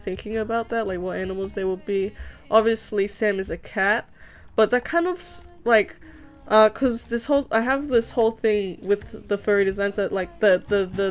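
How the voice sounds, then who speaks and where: A young woman talks casually on a live stream while she animates. She rambles and gets excitable, laughing often, in a mid-pitched voice with faint music under her.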